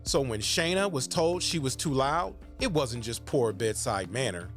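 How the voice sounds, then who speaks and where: A man's voice: medium pitch, expressive, a bit bright. Earnest man hosting, faint music behind. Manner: measured, earnest delivery. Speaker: host. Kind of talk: documentary narration and interview.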